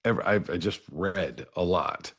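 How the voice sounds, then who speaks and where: Here a middle-aged interview guest speaks in a deep, slightly rough voice with lively intonation, unhurried as he candidly tells his life story. Earnest throughout, he restarts words when opening a thought and asks "right?" after his points.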